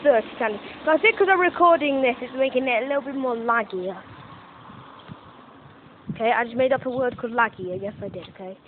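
A woman's voice: fairly high pitch, a little fast. A young woman vlogger giving casual, self-mocking commentary while walking around outdoors playing a mobile game, swearing now and then. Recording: tinny phone-like audio with faint noise.

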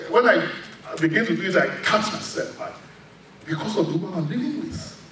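Lively, echoey preaching man. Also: high-pitched, fairly quick, a crowd in the background. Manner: emphatic preaching, candid and confessional. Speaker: pastor. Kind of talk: sermon. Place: church sanctuary. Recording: very echoey hall, voice from far off.

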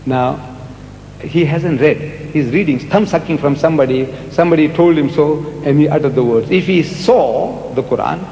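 A man's voice: on the high side, normal speed, creaky, mellow. A man giving a public lecture and answering audience questions, emphatic and repetitive, coaxing his listeners. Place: large lecture hall. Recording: echoey archive hall recording, faint hiss.

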